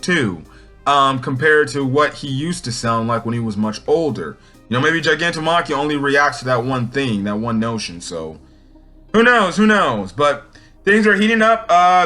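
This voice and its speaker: A man's voice: mid-range voice, pushed and bright. A young man casually reviewing a manga chapter, with many fillers and restarts.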